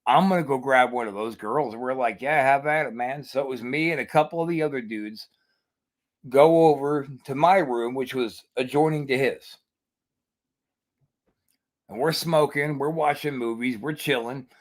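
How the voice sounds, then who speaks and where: A man's voice: mid-range voice, normal speed. A man hosting a podcast, telling a profane story in casual chat. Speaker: podcast host.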